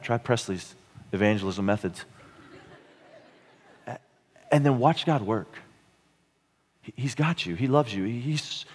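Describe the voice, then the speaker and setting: A man in his thirties preaching a sermon, telling a story with frequent chuckles and halting restarts. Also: medium pitch. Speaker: pastor. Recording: long hall reverb.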